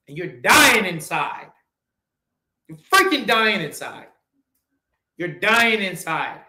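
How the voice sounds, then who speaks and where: A man in his forties, a podcast host, giving a blunt, profane motivational talk that swings from loud urging to low, quiet asides. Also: sing-song, slow pace, long pauses, roomy sound. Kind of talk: motivational monologue.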